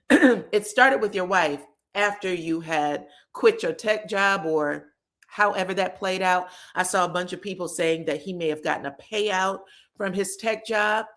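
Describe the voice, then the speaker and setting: A woman's voice: fairly low pitch, measured pace, a bit bright. A woman giving sassy, chatty commentary on reality TV gossip, talking straight to her viewers. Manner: sassy, chatty, calls viewers "child" and "girl". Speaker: pop culture commentator.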